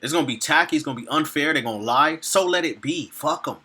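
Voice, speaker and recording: A man's voice: fairly high pitch, animated, fast talker, pushed and bright, slightly rough. A man giving an informal sermon, reading scripture aloud and commenting bluntly and profanely, laughing between points and checking in with his listeners. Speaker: preacher.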